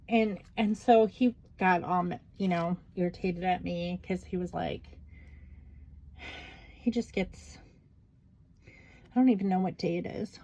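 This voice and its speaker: A woman's voice: on the low side, unhurried, pauses often, dark tone, low-quality recording. A middle-aged woman vlogger telling a story in a rambling, casual way, full of fillers and asides. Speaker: crafting vlogger. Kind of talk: casual chat while journaling.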